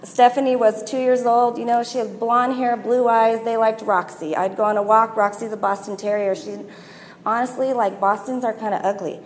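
A woman's voice: fairly high pitch, fairly even intonation, normal speed, a little hiss or hum. Woman, forties, chatty storyteller, speaking to a group, long hall reverb. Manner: chatty, storytelling with filler ums. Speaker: speaker at a gathering. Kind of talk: personal talk to an audience. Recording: echoey hall with faint ambience.

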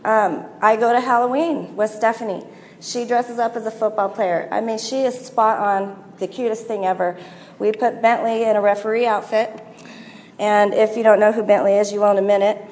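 A woman's voice: mid-range voice, steady tone, normal speed, a little mellow, slight background noise. A woman in her forties giving a chatty personal talk to an audience, telling stories with frequent ums. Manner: chatty, storytelling with filler ums. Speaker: speaker at a gathering. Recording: echoey hall with faint ambience.

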